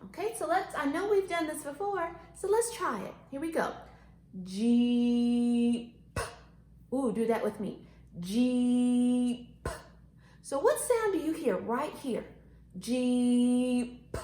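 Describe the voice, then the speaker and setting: A woman teaching a phonics lesson to young children, animated and sing-song, stretching words out slowly. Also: high voice, reverberant. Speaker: kindergarten teacher.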